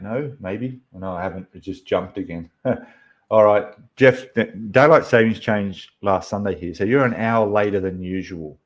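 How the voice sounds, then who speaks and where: A man's voice: lowish voice, dull audio. A man hosting a casual livestream, rambling as he answers viewers' chat messages. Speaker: livestream host.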